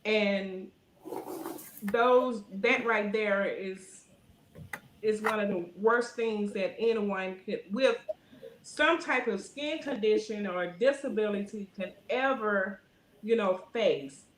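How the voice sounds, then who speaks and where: A middle-aged woman, talking in a casual interview and filling her speech with "you know", getting lively when she tells stories. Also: mid-range voice, slow, roomy sound, slight background noise. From Alabama. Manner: rambling, frequent "you know" fillers; animated when telling stories. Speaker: guest.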